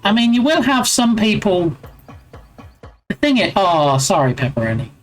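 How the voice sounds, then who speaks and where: A man's voice: high-pitched, sing-song, moderate pace, soft background music, poor audio. A man in his forties with an English accent, chatting casually with his live stream viewers and bantering playfully as he answers their chat.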